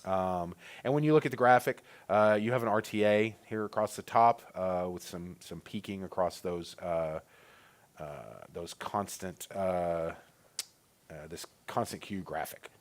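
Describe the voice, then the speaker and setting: A man presenting a technical training session, walking through settings in a relaxed way with many fillers. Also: deep voice, a little slow. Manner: relaxed, filler-heavy explaining. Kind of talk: casual technical walkthrough.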